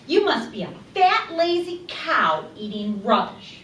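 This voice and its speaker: An angry Irish woman in her forties pours out her frustration at feeling judged, as a woman puts her on. The voice sits high and leaps about in pitch, with a heated, indignant edge. It comes from some way off the mic in a roomy space. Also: very animated, unhurried, a bit bright, a little hiss or hum. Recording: echoey room from a distance.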